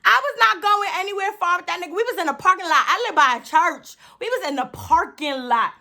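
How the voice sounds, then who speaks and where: A young woman, telling a story in a casual, profane, animated way while doing her makeup. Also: very high voice, a little fast. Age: 20s. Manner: animated, profane, laughs often, acts out her own quotes. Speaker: beauty vlogger.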